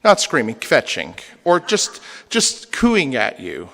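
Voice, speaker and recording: A man's voice: medium pitch, huge pitch swings, slow pace, gravelly, fairly bright tone. A man, a rabbi, lecturing a congregation with humor and rhetorical questions. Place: synagogue hall. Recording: long hall reverb.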